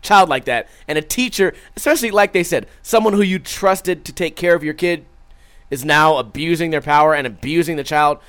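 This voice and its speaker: Streaming live, a young man swears freely as he chats, reads comments from viewers, and acts out his stories with animation. He has a smooth voice on the high side and speaks fairly quickly.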